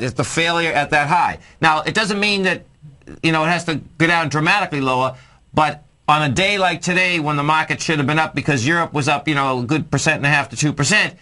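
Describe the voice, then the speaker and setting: A man's voice: a little high, bright, forceful tone. A man co-hosting a market show, taking callers and talking through charts in an upbeat, chummy way. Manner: upbeat, chummy, quick chatter. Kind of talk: casual chart talk taking calls.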